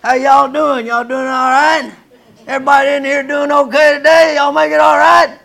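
A man's voice: extremely high pitch, level tone, normal speed, gravelly, a bit bright, pitched above the performer's own voice, full character voice. A man putting on a folksy country preacher who hollers a cheerful greeting to his congregation. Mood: hearty.

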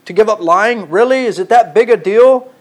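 A man preaching a sermon who reads scripture and swings from loud emphasis to hushed tones, using repeated rhetorical questions. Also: sits high, normal speed.

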